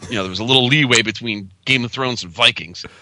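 A man's voice: medium pitch, fast talker, sharp tone, no room sound. A man telling a story in casual chat as podcast co-host, laid-back and joking.

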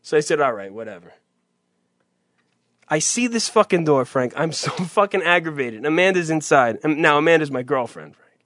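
A man's voice: on the high side, expressive, normal speed, a bit bright, dry recording, clean studio sound. A man hosting a talk show, telling a long, profane, rambling story in exasperation. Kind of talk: profane comedic rant.

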